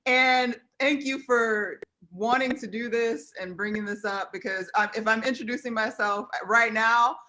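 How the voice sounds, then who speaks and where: A woman's voice: on the high side, measured pace, hardly any pauses, sharp tone. An American woman speaking as a guest on a live video chat, earnest and heartfelt, close to tears. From United States.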